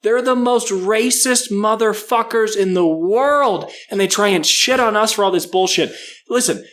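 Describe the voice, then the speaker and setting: A man's voice: high voice, a little slow, fairly bright tone. A man co-hosting a casual comedy podcast, ranting profanely and doing mocking impressions. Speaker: podcast co-host.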